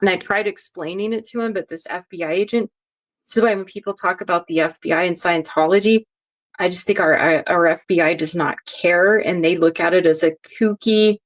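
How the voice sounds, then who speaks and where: A woman's voice: fairly low pitch, fairly quick. Chatty woman telling a story. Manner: animated, chatty, quotes others in dialogue. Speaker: guest. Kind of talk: casual storytelling in an interview.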